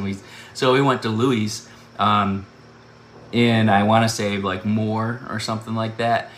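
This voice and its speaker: A man recounts a personal story in an animated, chatty way and breaks into laughter often. His voice is bright and forceful. The recording sits in an echoey room with a faint hum of noise behind it. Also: lowish voice, measured pace. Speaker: speaker sharing a personal testimony.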